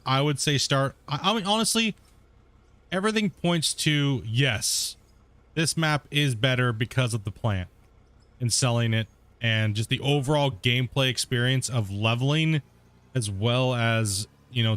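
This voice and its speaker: A man's voice: mid-range voice, fairly bright tone, no room sound. Casual streamer guy, rambling gamer chat, dry close mic. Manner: chatty, rambling, laughs often, says "dude". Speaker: gaming streamer. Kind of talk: casual let's-play commentary.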